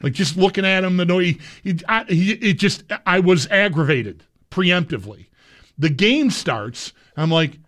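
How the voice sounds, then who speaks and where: A man's voice: high-pitched, animated, normal speed, fairly bright tone. A man co-hosting a sports radio show, chatting casually and thinking his picks through aloud. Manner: conversational, mulling picks aloud.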